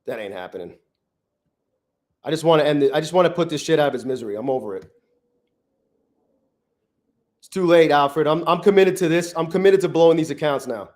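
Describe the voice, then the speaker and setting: A man streaming his futures trades live from his garage, thinking aloud and swearing often, swinging from flat muttering to loud gloating. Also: a little high, fairly quick, long pauses. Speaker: trading livestreamer. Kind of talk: live trading stream commentary. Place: home garage.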